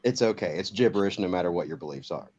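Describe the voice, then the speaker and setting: A man's voice: sits low, animated, fast talker, lo-fi sound, heavy background noise. A man joining a livestream by call, chatting in an easygoing way and swearing casually. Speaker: livestream guest.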